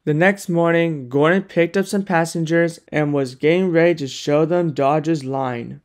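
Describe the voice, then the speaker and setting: A narrator reading a cartoon engine story in a plain, even storybook manner. The delivery is slow and unhurried, at a middle pitch. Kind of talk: storybook narration for a fan-made animated series.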